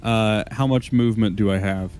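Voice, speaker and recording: A man's voice: fairly low pitch, fairly even intonation, normal speed, darkish tone. A man playing a tabletop game with friends, casual and teasing as he plans his turn. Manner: joking, teasing. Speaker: player.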